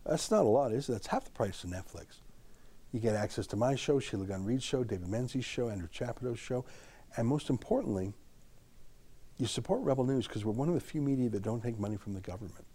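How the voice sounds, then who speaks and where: A man's voice: mid-range voice, expressive, brisk, warm tone, husky. A man hosting a political commentary show, talking emphatically and straight to the listener. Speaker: show host.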